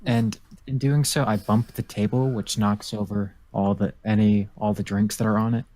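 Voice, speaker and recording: A man's voice: lowish voice, flat delivery, moderate pace, mellow, dry recording. A man playing a tabletop game, narrating his character's actions in the first person. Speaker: player.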